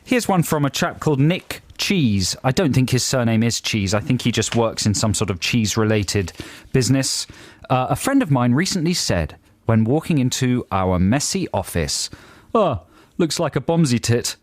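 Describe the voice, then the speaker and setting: A man's voice: mid-range voice, animated, normal speed, dry recording. A man co-hosting a radio show, reading emails with wry, chuckling asides. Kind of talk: comic banter reading listener emails. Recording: dry radio studio.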